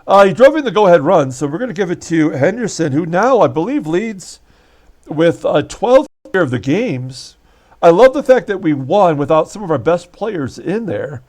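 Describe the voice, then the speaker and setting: A man with a slightly high, very lively voice casually commentates a replayed baseball season. He thinks aloud, corrects himself and fills gaps with "uh" as he recaps the game. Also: moderate pace. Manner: chatty, thinking aloud with fillers and self-corrections.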